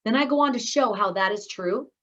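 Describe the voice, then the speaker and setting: A woman's voice: on the high side, fairly quick, lo-fi sound. A middle-aged woman teaching an online speaking course, upbeat and encouraging, talking straight to her students over a video call. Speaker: speaking coach.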